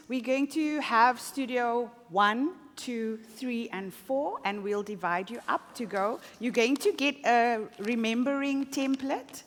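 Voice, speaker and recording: Woman moderator in an echoing hall. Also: on the high side. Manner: playful, directive, announcing to an audience. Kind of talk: moderating a conference session. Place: large conference hall with audience. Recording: reverberant hall, audience faintly heard.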